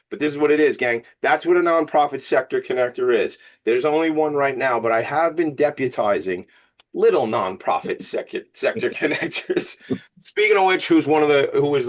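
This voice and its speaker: Energetic Long Island host, rambling. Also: male voice, medium pitch. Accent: Long Island New York. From Long Island, New York. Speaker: podcast host. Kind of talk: casual interview chat.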